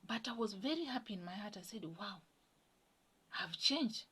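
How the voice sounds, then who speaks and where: A woman's voice: mid-range voice, normal speed, slightly rough. Young woman giving an earnest testimony. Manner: earnest and animated, drops to a hush when moved. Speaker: guest sharing a personal testimony. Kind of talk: personal testimony storytelling.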